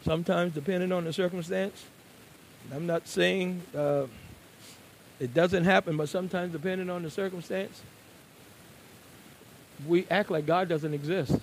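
High-voiced preacher with loud emphatic bursts. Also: male voice, fairly even intonation, measured pace, long pauses, slight background noise, low-quality recording. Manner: swings between quiet asides and loud emphatic bursts. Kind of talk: sermon.

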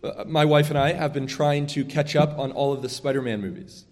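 Earnest preacher, slightly high voice, echoing hall. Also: male voice, fairly even intonation, fairly quick, darkish tone. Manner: earnest, emphatic preaching with frequent restarts. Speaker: pastor. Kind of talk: sermon.

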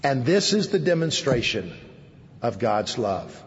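A man preaching a sermon to a seated audience, speaking emphatically, repeating key phrases and letting his voice sink low at the ends of phrases. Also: big pitch swings, a little slow, big-room sound, muffled recording. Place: hall with an audience.

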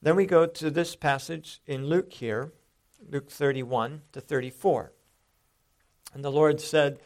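A man's voice: fairly high pitch, fairly even intonation, measured pace. A man teaching a Bible sermon, explaining passages step by step and stressing quoted lines with emphatic rises.

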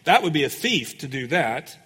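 A man preaching a sermon as pastor, folksy and conversational, growing louder and more emphatic when he reads scripture. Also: on the high side, very animated, moderate pace, husky, long reverb tail. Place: church sanctuary.

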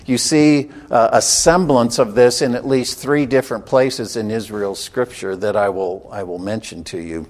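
Man preaching a measured sermon. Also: medium pitch, darkish tone. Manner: measured, emphatic, slows on key phrases.

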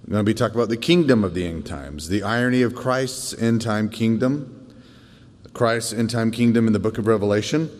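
A man teaching a church Bible lesson in a thoughtful way, often pausing on fillers and restarting. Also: fairly low pitch, long reverb tail. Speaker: Sunday school teacher.

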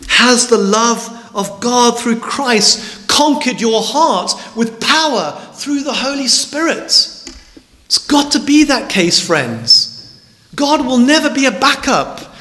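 A man preaching a sermon in a high, animated voice that rises and falls widely. He speaks slowly and with emphasis, often repeating words for stress. The sound rings with the long reverb of a large, echoey hall.

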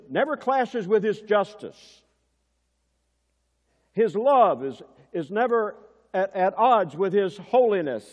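A male preacher delivering a sermon, swinging between loud emphasis and hushed moments, and asking the congregation questions like a teacher. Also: high-pitched. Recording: dull sound, long church reverb.

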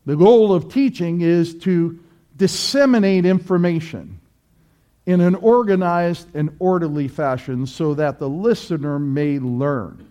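A man's voice: fairly high pitch, a little slow, dark tone. A male pastor preaching an emphatic sermon, repeating his points and asking rhetorical questions.

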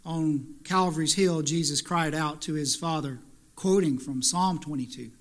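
A man's voice: on the high side, a little slow. A man preaching a sermon as pastor in a church, building through repeated rhetorical questions to emphatic peaks.

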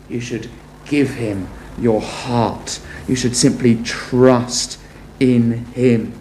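A man preaching a sermon earnestly, moving between brisk storytelling and slow, weighty appeals. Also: mid-range voice, darkish tone. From Britain. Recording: echoey room.

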